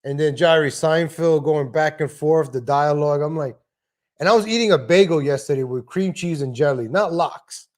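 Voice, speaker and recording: Brief: male streamer, loose rambling monologue, somewhat high-pitched. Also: normal speed, a little mellow. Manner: rambling, frequent restarts and asides. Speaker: live stream host. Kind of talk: casual livestream rant. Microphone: home desk microphone.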